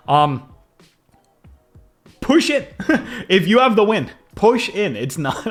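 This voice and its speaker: A young man commentating his own game replays in an excitable, fast-shifting way, often laughing. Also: fairly high pitch. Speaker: gaming video creator.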